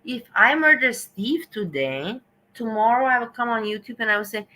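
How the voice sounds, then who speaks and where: Bright-voiced woman ranting on stream. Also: on the high side, animated, moderate pace, poor audio. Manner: rambling, sarcastic, exasperated. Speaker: stream host. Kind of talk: commentary.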